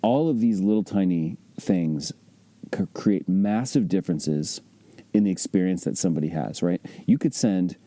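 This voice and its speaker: A man speaks in a low, deeply mellow voice, teaching in an easygoing but emphatic way. He keeps throwing rhetorical questions at the listener. The recording is dry and close, with no room sound. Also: moderate pace, no room sound. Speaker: real estate investor teaching. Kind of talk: instructional podcast talk.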